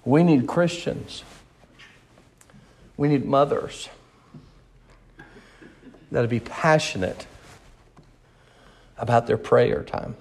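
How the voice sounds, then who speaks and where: A man's voice: mid-range voice, extremely slow, pauses often, a little mellow. A man preaching a sermon in an impassioned, pleading way, repeating words and building to outbursts.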